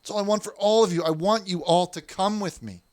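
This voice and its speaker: A self-righteous man hosting a comic call-in show, scolding callers and defending himself. His voice sits a little high and sounds close and dry. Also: brisk, dry recording.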